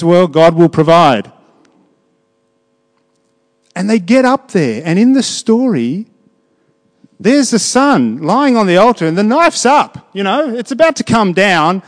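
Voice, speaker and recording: A man with a somewhat high voice delivers a sermon, his words trailing into a long hall reverb. He shifts from quiet, reflective phrases to raised, emphatic passages and talks to the congregation as if in conversation. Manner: swings between hushed reflection and raised, emphatic preaching; conversational, asks the congregation questions. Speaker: preacher.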